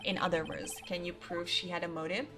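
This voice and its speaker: A woman's voice: lowish voice, level tone, a little fast, lightly acted. A woman reading a stern, formal male judge in a courtroom game, in her own voice, with game music behind her. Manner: formal, questioning.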